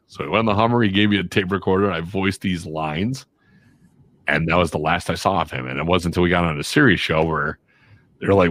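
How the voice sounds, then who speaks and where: A man from Chicago swaps stories on a casual podcast, animated and quick to poke fun at himself. His voice sits very low and the sound is dry and close. He acts out the people in his stories as he goes. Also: no room sound. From Chicago, USA. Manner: animated, self-mocking, acts out quotes. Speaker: guest, radio and voiceover artist.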